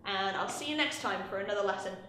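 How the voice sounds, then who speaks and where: A woman teaching English grammar to learners, explaining clearly and patiently and often checking that they follow. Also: medium pitch, fast, a bit bright. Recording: very echoey room with faint background hiss.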